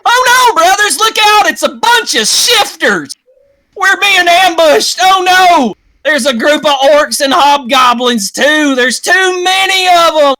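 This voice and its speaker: A panicked male camp guard shrieking warnings in a voice pitched far up, as a game master acts him out. He is frantic and loud in a tabletop game scene. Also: animated, a little slow, no echo, full character voice.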